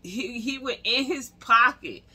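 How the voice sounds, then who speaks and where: A woman tells stories straight to camera in loose street slang. Her tone is bright and edgy, and she laughs and acts out the people in her stories as she goes. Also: fairly high pitch, unhurried, slightly rough. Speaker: vlogger. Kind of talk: casual storytelling to camera.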